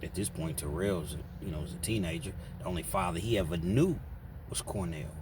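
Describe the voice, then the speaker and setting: Guy telling a true crime story all casual, lots of um and you know, lowish voice. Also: brisk, noisy background. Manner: loose, filler-heavy, conversational. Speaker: channel host, storyteller.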